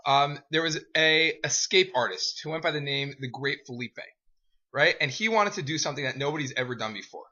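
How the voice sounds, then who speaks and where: Young man, youth group adviser, casual animated storytelling, bright voice, dull lo-fi sound. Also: fairly high pitch, fairly quick. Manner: animated storyteller, frequent "right?" asides. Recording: dull lo-fi recording.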